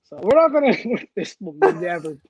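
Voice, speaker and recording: A man's voice: high voice, sing-song, moderate pace, darkish tone, breathy edge, dry recording. A man chatting on a podcast as a comic book creator, giggling and protesting a lot. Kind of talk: casual podcast chat. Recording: dull lo-fi mic.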